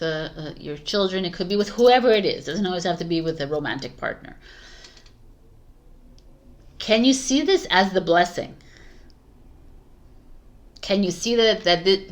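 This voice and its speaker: A woman doing a tarot reading for viewers, speaking casually with many restarts and bursts of emphatic advice. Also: medium pitch. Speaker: tarot reader.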